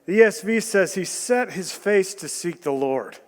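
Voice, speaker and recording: A man preaching a sermon, animated and joking, asking the room questions and bursting into loud emphasis. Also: high-pitched, normal speed. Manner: animated storytelling with jokes and rhetorical questions. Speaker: guest preacher. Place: church hall. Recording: long church hall reverb.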